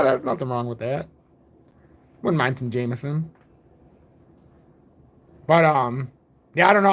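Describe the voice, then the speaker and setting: A man in his forties hosting a casual crypto livestream, rambling and joking at his own expense. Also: fairly high pitch. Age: 40s. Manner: rambling, jokey, self-deprecating. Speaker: crypto channel host.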